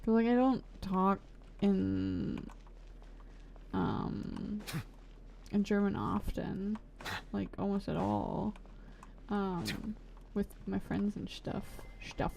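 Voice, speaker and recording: A woman's voice: medium pitch, expressive, drawn-out words, gravelly, long pauses, slight background noise. A woman streaming a video game, chatting casually in a rambling, profane way and cutting herself off mid-sentence. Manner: rambling, profane, self-interrupting. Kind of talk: casual gameplay commentary. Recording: voice over loud game music.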